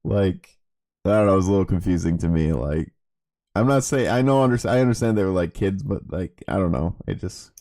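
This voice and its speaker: A man's voice: deep voice, animated, fairly quick, warm tone. A man co-hosting a casual anime talk, hesitant and hedging as he talks. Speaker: podcast co-host.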